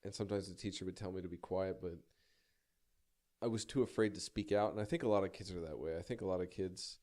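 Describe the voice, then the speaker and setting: A man's voice: low-pitched, fast, a little mellow. A young man telling a personal story in a rambling, self-deprecating way, swearing casually and stumbling through many restarts.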